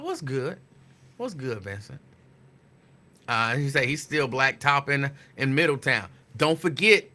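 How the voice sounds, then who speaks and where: A man hosting a casual live talk show, greeting listeners by name and teasing them playfully with loud, emphatic bursts. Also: medium pitch, animated, measured pace, long pauses. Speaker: radio host. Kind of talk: casual live-show chat reading listener shout-outs.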